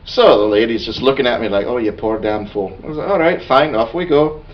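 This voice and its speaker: A man's voice: mid-range voice, fairly quick, distant mic, muffled recording, close to an everyday voice. A man playing a boastful, bawdy male dwarf warrior who tells a rambling tavern tale in character. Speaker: player telling an in-character story. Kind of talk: in-character storytelling.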